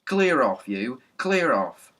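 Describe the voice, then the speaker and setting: A man voicing a bossy village policeman who barks orders and shouts at children. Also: mid-range voice, moderate pace, natural voice. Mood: barking.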